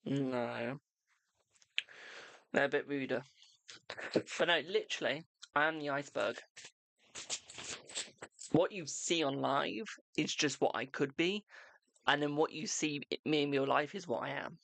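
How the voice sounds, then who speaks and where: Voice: medium pitch, a little slow, vocal fry, pauses often, a bit bright, no room sound. A young adult tarot reader chatting bluntly and casually on a live stream. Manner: blunt, chatty, self-deprecating.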